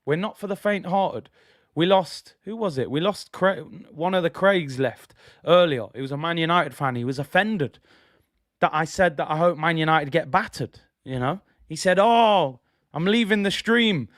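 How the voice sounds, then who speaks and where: A man's voice: a little high, normal speed, a bit bright, dry recording, clean studio sound. A man hosting a live football watch-along stream, giving opinionated chat and reading viewers' messages aloud.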